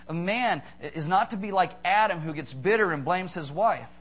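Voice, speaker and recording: A middle-aged man preaching a sermon in a fairly high voice. He is animated and playful, jokes with the congregation and acts out little stories. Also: moderate pace, slightly rough, poor audio. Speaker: pastor.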